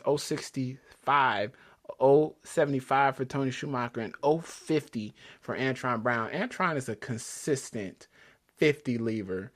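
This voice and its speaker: A man co-hosting a podcast in a casual chat, talking with eager enthusiasm and frequent restarts. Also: medium pitch. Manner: excitable, enthusiastic, stumbling restarts. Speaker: podcast co-host. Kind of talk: casual chat about drag racing.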